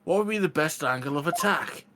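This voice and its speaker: A man's voice: a little high, lively intonation, brisk, fairly bright tone, slight background noise. A man hosting a let's play, reading game dialogue with jokes and casual delivery.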